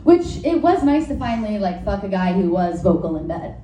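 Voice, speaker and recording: A female stand-up comic tries out work-in-progress material at a live venue with an audience, rambling through a frank, crude, filler-heavy set. She often interrupts herself and laughs at her own jokes, speaking fairly quickly in a warm, very animated mid-range voice. The recording is roomy and distant, with faint noise.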